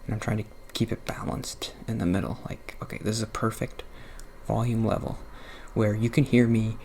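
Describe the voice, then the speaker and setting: A man hosting casual gameplay commentary, talking in a hushed, half-whispered, self-conscious way close to the mic in his apartment. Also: fairly low pitch, level tone, normal speed, gravelly, slight background noise. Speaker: let's play host. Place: apartment room.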